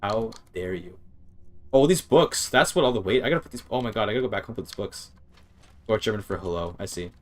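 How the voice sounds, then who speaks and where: A man streaming gameplay in casual chatter, thinking aloud, sounding out words haltingly and swearing now and then. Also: lowish voice, fairly bright tone.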